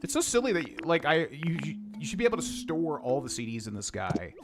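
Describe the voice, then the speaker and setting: A young male streamer chats loosely while he plays, rambling from one thought to the next and humming little tunes under his breath. Game music runs clearly behind his voice. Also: fairly high pitch, wildly swooping pitch, a little fast. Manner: chatty, rambling, hums and scats to himself. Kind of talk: casual gameplay commentary.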